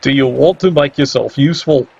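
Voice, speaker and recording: A man's voice: medium pitch, brisk, vocal fry, a little mellow, slightly rough. A man commentating a video game match in a sarcastic, teasing way. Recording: dull lo-fi mic with faint hiss.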